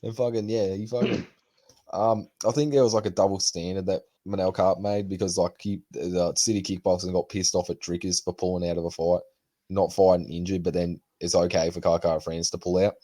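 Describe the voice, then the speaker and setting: A man's voice: sits low, brisk. A young man hosting a casual podcast, talking loosely and swearing often. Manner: swears a lot, animated retelling with put-on quotes. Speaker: podcast host. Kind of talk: casual chat.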